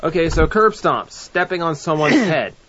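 A man's voice: a little high, lively intonation, normal speed, fairly bright tone, slight background noise. Man, podcast co-host, casual chat, sarcastic, rambling, muffled audio.

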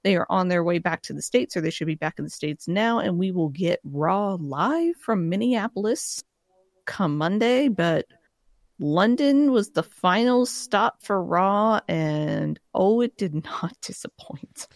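A woman's voice: lowish voice, animated, a little slow, no room sound, studio quality. A woman co-hosting an internet radio show, reading the welcome and plugs in an upbeat way.

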